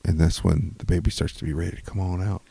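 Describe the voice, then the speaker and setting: A man's voice: sits low, little pitch movement, fast, creaky, dark tone, husky, dry recording. A man co-hosting a podcast from a bedroom at home, explaining things patiently and thinking aloud in casual chat. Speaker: podcast co-host.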